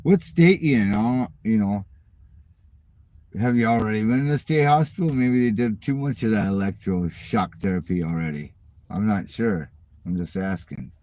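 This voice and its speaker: A man's voice: lowish voice, normal speed, mellow. A middle-aged man hosting his channel, ranting in a casual, profane and mocking way at viewer comments. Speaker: channel host.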